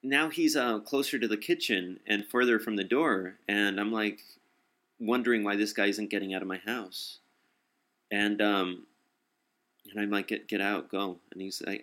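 A young man tells a personal anecdote in a low, forceful voice. He swears bluntly and stumbles into restarts as he goes. The delivery is casual and unscripted. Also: steady tone. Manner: profane, blunt, halting with restarts. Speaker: storyteller.

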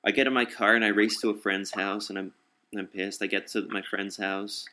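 A young man tells a personal anecdote in a low, forceful voice. He swears bluntly and stumbles into restarts as he goes. The delivery is casual and unscripted. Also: flat delivery. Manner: profane, blunt, halting with restarts. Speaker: storyteller.

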